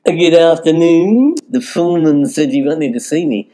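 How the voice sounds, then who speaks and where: A man's voice: fairly high pitch, lively intonation, moderate pace, over loud music. A man voicing a dim, camp male poison-maker with flighty, swooping delivery. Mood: silly.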